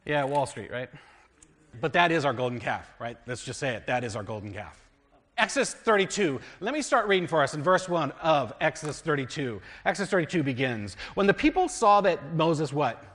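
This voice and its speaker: A man pastor with an American accent teaching a sermon and reading scripture aloud. He asks the congregation fill-in questions and swings between loud and hushed delivery. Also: fairly high pitch, in a large hall. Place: church.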